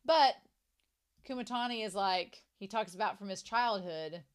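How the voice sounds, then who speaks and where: Casual young woman anime recapper, talky, gushing, mid-pitched. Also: measured pace, clean tone. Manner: chatty, full of "like" fillers, gushing. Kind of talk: casual reaction chat.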